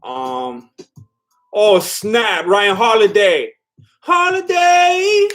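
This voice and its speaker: A man's voice: on the high side, moderate pace, soft background music. A man streaming live, reading chat and rambling casually with lots of fillers and laughs. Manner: rambling, filler-heavy, self-deprecating laughs.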